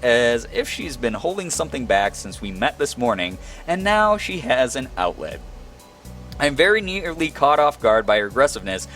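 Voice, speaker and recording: Animated young man reading a game aloud. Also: medium pitch. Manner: animated, laughing asides between read lines. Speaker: game streamer. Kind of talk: reading a visual novel aloud with commentary.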